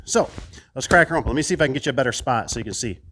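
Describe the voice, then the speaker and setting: A man's voice: mid-range voice, lively intonation, very fast, a bit bright, a little hiss or hum. A man who installs garage doors, chatting casually to viewers while unboxing an opener, enthusiastic and prone to rambling asides.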